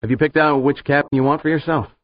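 A man voicing an easygoing, friendly businessman in an audiobook, in a relaxed, plain manner. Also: a little high, quick pace, dry recording, highs cut off, voice pushed up, natural voice. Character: easygoing middle-aged businessman.

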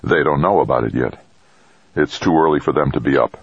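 A man's voice: a bass voice, brisk, breathy edge, no room sound, heavily acted. A man reading an audiobook, voicing a weary mission leader who speaks tightly and solemnly. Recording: dull dry lo-fi recording.

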